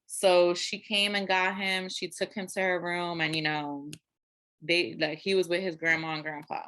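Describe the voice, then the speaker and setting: A young woman with a lower voice that still sounds bright, telling a story in a relaxed, conversational way. She chats casually as a podcast co-host. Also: moderate pace. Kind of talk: casual chat.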